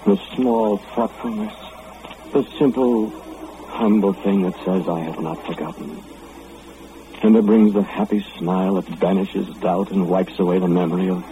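A man as a deep-voiced, brooding young lawmaker; narrates slowly, thin vintage radio sound. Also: steady tone, natural voice. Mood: wistful. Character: young male lawmaker, wistful, remorseful, lovesick. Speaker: narrator and lead character. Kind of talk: 1940s radio drama narration. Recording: phone-like old radio recording, faint hiss.

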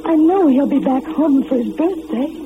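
A woman's voice: sits high, animated, moderate pace, over music. An actress playing an earnest young woman who keeps hoping her absent sweetheart will write, in an old radio drama. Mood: hopeful. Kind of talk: 1940s radio acting. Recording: phone-like old radio recording with hiss.

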